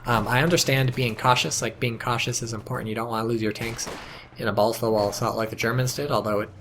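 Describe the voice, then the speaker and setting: A man's voice: mid-range voice, quick pace. Chatty, sardonic male game caster. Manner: chatty, sardonic, frequent swearing and sudden excited outbursts. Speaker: game commentator. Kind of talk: casual casting of a strategy game. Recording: noticeable background noise.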